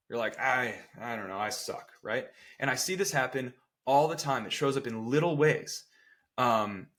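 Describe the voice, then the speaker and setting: Male strength coach co-hosting a podcast, emphatic, keeps asking "right?", mid-pitched voice. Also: fairly bright tone. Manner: acts out people's quotes with playful voices. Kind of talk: casual podcast chat.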